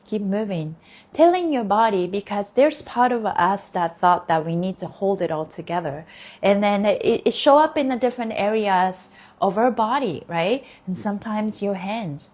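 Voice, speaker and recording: Slow, soothing woman guiding affirmations. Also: mid-range voice, darkish tone. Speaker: embodiment mentor. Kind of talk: guided affirmation session on a live stream. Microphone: phone live stream.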